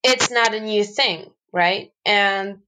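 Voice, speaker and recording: A young woman guest on a podcast, telling stories in casual chat and speaking English as a second language. She talks in an animated way, full of fillers and restarts, and laughs often. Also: medium pitch, slow, a little hiss or hum, low-quality recording. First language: not English. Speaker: podcast guest, hockey player.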